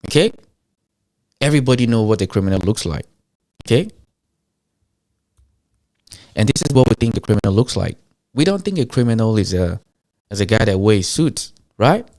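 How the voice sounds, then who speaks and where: A man with an African accent hosting a show, talking to his audience in an animated rant full of rhetorical questions. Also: fairly low pitch, moderate pace, long pauses. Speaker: show host. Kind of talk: animated ranting commentary.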